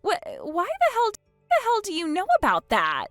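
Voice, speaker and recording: A woman's voice: on the high side, very animated, moderate pace, fairly bright tone, no echo, soft background music. A woman voicing an arrogant young bride who mocks and dismisses her old friend. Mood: flustered. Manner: sneering and haughty, breaking into mocking laughs. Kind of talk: dramatized text-message story.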